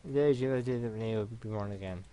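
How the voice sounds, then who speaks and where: A man reading a visual novel aloud for a let's play, in an even, unhurried way with small stumbles. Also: fairly low pitch, clear, resonant tone.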